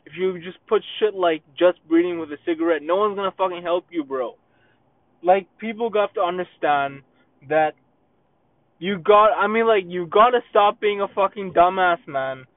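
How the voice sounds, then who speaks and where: A man's voice: high voice, normal speed, no echo. A young man hosting a solo podcast, ranting in a profane, exasperated way with lots of fillers and restarts. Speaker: podcast host. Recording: tinny phone-quality, dry sound.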